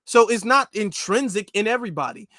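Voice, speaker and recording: A man's voice: high voice, lively intonation, brisk, pushed and bright, dry recording, studio quality. A man hosting an opinion commentary show, reacting to clips in an indignant, emphatic way and repeating his points. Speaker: commentary channel host.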